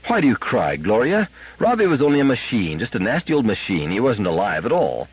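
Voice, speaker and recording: A stern, stubborn mother speaks in a firm, clipped way, as a man reads her in a storybook reading. The voice is husky with a lively pitch, and the sound is dull and lo-fi. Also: brisk, no echo. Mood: soothing.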